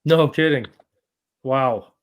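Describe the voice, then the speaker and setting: A man's voice: medium pitch, slow pace. A man hosting a live show, cracking jokes with his guests. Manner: joking and wisecracking. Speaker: host.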